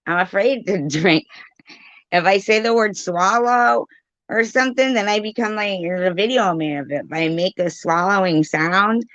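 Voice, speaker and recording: A woman's voice: medium pitch, moderate pace, a bit bright, dry recording, dull audio. A woman hosting a casual livestream, reading the live chat aloud, confused and pleading with her chatters, often laughing. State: dry mouth.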